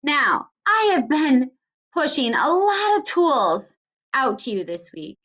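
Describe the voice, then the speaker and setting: A woman's voice: sits high, big pitch swings, slow pace, fairly bright tone. A woman teacher giving a recorded lesson to young children, stretching out syllables in a sing-song way. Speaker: second grade teacher.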